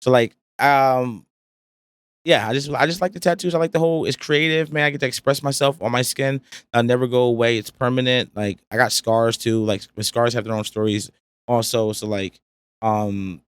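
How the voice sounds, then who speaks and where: A man's voice: mid-range voice, steady tone, moderate pace, clear, resonant tone, no echo. A young man, a podcast guest chatting casually in a laid-back, slangy, rambling way. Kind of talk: casual chat. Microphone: studio podcast mic.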